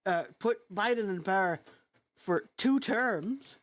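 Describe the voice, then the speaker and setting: A woman with a youthful-sounding voice delivers a heated, blunt reaction rant. She talks slowly and swears freely, her frustration plain in every phrase. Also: mid-range voice, animated. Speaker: vlogger.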